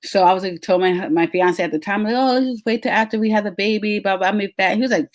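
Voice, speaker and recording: A woman's voice: medium pitch, quick pace, few pauses. A woman, a podcast host telling a story in casual, chatty talk straight to her listeners. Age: 30s. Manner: chatty, addresses listeners as y'all.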